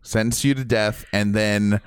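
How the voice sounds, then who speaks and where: Low-voiced man excitedly recapping a game. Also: unhurried, smooth, no echo, clean studio sound. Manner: animated storyteller, swears casually. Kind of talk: casual game discussion.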